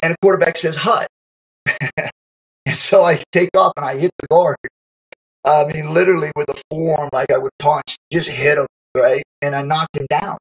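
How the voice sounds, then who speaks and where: A middle-aged man casually recounting a memory, animated, acting out quotes and laughing often. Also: fairly high pitch, moderate pace, low-quality recording. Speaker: storyteller recalling youth football. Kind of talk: casual spoken memoir.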